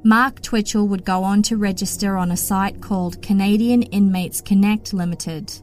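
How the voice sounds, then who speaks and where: This true-crime podcast host is a woman who narrates the case from a script, keeping her delivery steady and matter-of-fact at a moderate pace. She speaks at a middle pitch while soft music hums faintly in the background.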